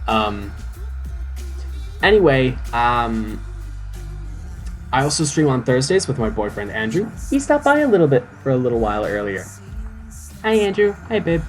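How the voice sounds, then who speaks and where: A young man chatting casually while streaming a game, his voice sitting at an ordinary middle pitch. He rambles, fills gaps with "um" and trips over his own sentences. Soft music plays faintly underneath. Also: sing-song, moderate pace, long pauses. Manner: rambling, lots of "um"s and restarts; chatty, self-mocking. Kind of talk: casual live-stream chat.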